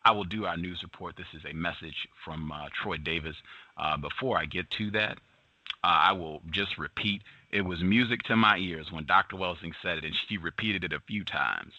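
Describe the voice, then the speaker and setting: A man hosting a radio show, reading the news and commenting with emphasis, repeating his points slowly. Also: low voice, sharp tone, no echo, muffled recording.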